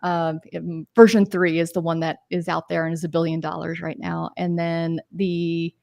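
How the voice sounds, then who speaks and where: A woman's voice: fairly low pitch, flat delivery, moderate pace, vocal fry, darkish tone, no room sound, clean studio sound. A woman in her forties, a podcast guest telling her career story in a chatty, rambling way with tangents and fillers. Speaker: podcast guest, games marketer. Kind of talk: casual interview storytelling.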